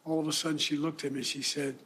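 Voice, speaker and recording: An older man from the United States giving a formal, solemn speech, often clearing his throat. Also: a little high, flat delivery, fairly bright tone. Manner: measured, solemn delivery with frequent throat clearing. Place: indoor room.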